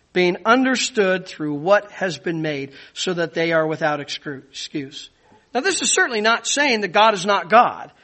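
A man's voice: high-pitched, a bit bright. A man preaching a sermon, earnest and emphatic, teaching with asides to the congregation. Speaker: pastor.

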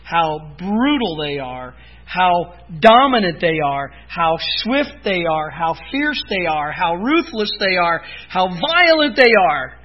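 Male preacher, high voice, earnest, given to impassioned cries; muffled lo-fi sound. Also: big pitch swings, takes it slowly. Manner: earnest, rises to impassioned cries when quoting laments. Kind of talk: expository sermon. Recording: dull lo-fi recording.

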